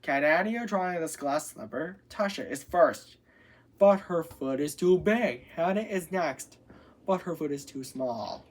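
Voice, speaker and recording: A woman's voice: low-pitched, lively intonation, unhurried. A woman voicing a polite, formal young prince in a storybook reading.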